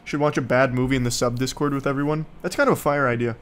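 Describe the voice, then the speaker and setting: A man's voice: medium pitch, fairly even intonation, quick pace, fairly bright tone, clear, resonant tone. A young man streaming, casually recapping a bad movie to his viewers in a sarcastic, profane, rambling way.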